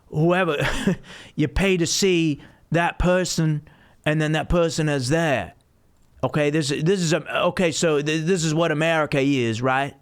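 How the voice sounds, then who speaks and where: A man's voice: fairly high pitch, fairly even intonation, a little slow, clear, resonant tone, pitched above the performer's own voice, natural voice. A man putting on an Australian accent to play an indignant male customer lecturing staff. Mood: indignant ranting. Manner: indignant, lecturing with repeated "okay?".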